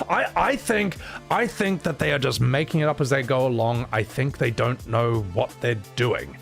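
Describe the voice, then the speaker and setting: A man's voice: medium pitch, lively intonation, moderate pace, gravelly, a bit bright, soft background music. A man streaming live, reading out chat messages and answering in a rambling, casual way with lots of fillers and chuckles.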